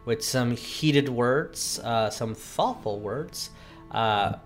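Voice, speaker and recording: A man narrating as game master, recapping a tabletop game session in a slow, halting way with many pauses. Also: mid-range voice, soft background music.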